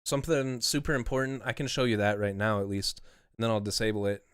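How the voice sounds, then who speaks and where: Laid-back swearing man, smooth voice. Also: on the low side, level tone, quick pace, a bit bright, no room sound, studio quality. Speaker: streamer and mastering engineer. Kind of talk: casual live-stream talk.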